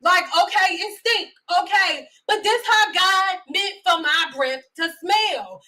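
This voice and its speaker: A woman's voice: extremely high pitch, expressive, slow, sharp tone, exaggerated voice. A woman mocking a lazy, defiant grown woman with a whiny, wailing complaint. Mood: whining.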